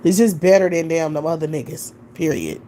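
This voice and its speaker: A woman hosts a casual live stream and gives her opinions bluntly, with plenty of swearing. Her voice sits on the low side, and a faint hiss runs under it. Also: a little fast, dark tone.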